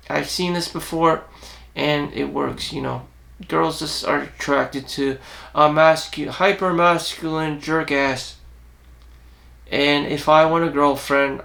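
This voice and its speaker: Man, raspy gravelly voice, slightly high-pitched, rambling monologue, blunt and profane, halting restarts. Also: steady tone, fairly bright tone. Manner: halting, with frequent restarts and fillers. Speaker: self-help vlogger. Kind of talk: rambling self-reflective monologue.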